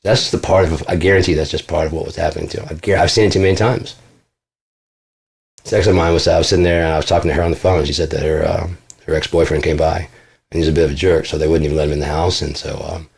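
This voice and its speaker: A man with a deep, husky voice tells a rambling story to camera. He is blunt and profane, with a boastful edge. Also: steady tone, fast. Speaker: vlogger. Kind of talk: casual storytelling monologue.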